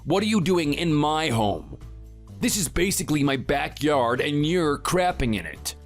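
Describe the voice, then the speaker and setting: Man voicing a sneering muscle-bound bully, lively pitch, taunting, synthetic texting-story read, faint music. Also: measured pace. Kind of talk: text-to-speech texting story.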